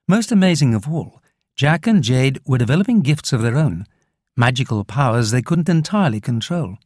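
Lively man reading a children's story. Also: fairly high pitch, no echo, clean studio sound. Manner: expressive storytelling. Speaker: audiobook narrator. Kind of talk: scripted narration.

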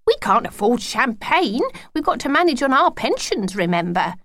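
A woman's voice: a little high, big pitch swings, moderate pace, a bit bright, no room sound, clean studio sound, pitched above the performer's own voice. A woman playing a thrifty, sensible old grandmother who sounds chirpy and practical.

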